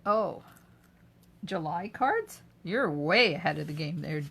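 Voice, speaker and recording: Slow, gravelly older woman crafter. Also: lowish voice, animated, a bit bright. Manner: chatty, answers viewer comments while working; narrates each crafting step aloud. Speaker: craft video host. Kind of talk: live craft demo chatting with viewers. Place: home craft room.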